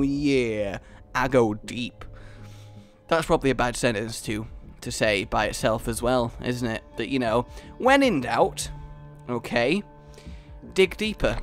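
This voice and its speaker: A man hosting a gaming channel, giving excitable, rambling gameplay commentary full of giggles. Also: a little high.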